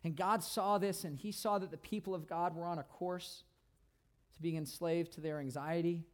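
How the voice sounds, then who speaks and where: A man with a notably high voice preaches a sermon. He is emphatic and repeats phrases to drive each point home. His delivery swings from loud, ringing declarations to quiet, hushed asides. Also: steady tone, moderate pace. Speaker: pastor.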